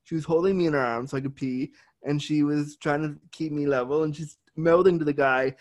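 Candid, freely swearing man, slightly high voice. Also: steady tone, a little fast, hardly any pauses. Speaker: podcast host. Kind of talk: casual interview chat.

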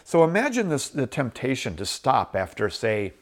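A man's voice: mid-range voice, huge pitch swings, moderate pace. A middle-aged man hosting a show, giving an earnest, encouraging Bible teaching and repeating phrases for emphasis. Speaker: host.

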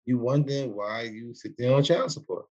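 Co-hosting a podcast, this man in his forties speaks at normal speed in a mid-range, darkish voice with the highs cut off. He's stuck on a makeshift mic standing in for a broken one, and his casual talk rambles loosely and preachily in a street style.

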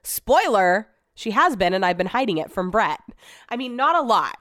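A woman's voice: mid-range voice, sing-song, moderate pace, fairly bright tone, dry recording. Chatty woman with a dry close sound. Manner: rambling, chatty, swears freely. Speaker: podcast host. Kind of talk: casual solo chat. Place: at home.

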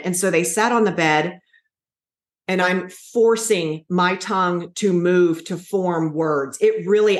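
A woman in her forties, a podcast guest telling a painful personal story in an earnest, halting way. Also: on the low side. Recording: echoey room.

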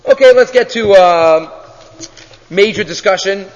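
A man teaching a Torah class as a rabbi, animated and full of questions. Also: sits high, a little slow. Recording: dull lo-fi audio in a reverberant hall.

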